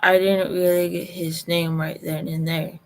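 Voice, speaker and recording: A woman from Colorado, telling a personal story in a halting way, close to tears. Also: lowish voice, flat delivery. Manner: slow, halting, emotional recollection.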